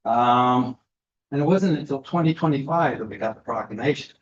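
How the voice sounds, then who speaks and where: A guest speaker, a man with a mid-range voice at normal speed, lectures an audience, using lots of fillers and restarts. The recording has an echoey room and a slightly dull sound.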